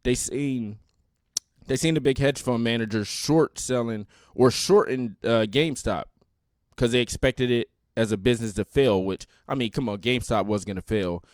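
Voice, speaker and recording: A man's voice: medium pitch, moderate pace, no echo, studio quality. A man hosting a podcast in casual, mocking comedic commentary with laughing asides. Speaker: podcast host.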